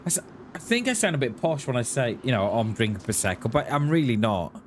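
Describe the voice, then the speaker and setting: A man's voice: mid-range voice, sing-song, fast, slight background noise. A man chatting casually on a live gaming stream, rambling and laughing at himself.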